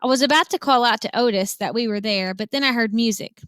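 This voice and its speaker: A woman reading a children's novel aloud with lively, expressive storytelling. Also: a little high, fast, clean tone, no echo. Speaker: reader.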